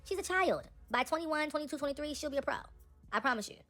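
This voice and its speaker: A young woman giving casual, animated celebrity gossip commentary, talking straight to her viewers. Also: high voice, fast, soft background music.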